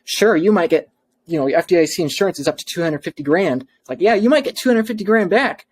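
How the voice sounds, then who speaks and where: A man, an adviser, delivering an impassioned monologue, emphatic and repeating himself with quick restarts. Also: high-pitched, expressive, a little hiss or hum. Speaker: bitcoin adviser.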